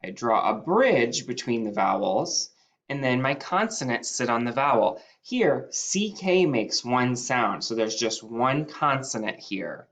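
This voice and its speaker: A male first-grade teacher gives a patient phonics lesson, spelling out letters one by one and stretching key words upward. His mid-range voice is animated and fairly bright, at a measured pace.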